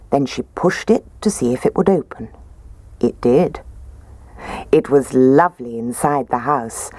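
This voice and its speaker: Low expressive woman reading a story. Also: slightly rough, no echo. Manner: expressive, gentle.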